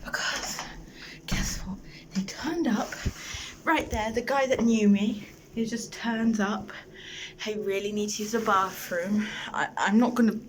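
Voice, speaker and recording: A woman's voice: mid-range voice, low-quality recording. A young woman ranting about her own story in a rambling, emotional way, filming herself on a phone. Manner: rambling, emotional, animated storytelling with many restarts. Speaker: vlogger. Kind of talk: ranting personal monologue. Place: outdoors, then a dark public bathroom. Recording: phone video with loud background noise.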